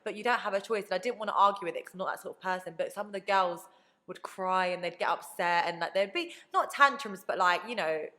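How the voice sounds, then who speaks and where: A woman's voice: mid-range voice, fast talker. A woman in her twenties, a podcast guest telling stories in a casual chat, acting out what other people said. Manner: animated storytelling, acts out quoted people.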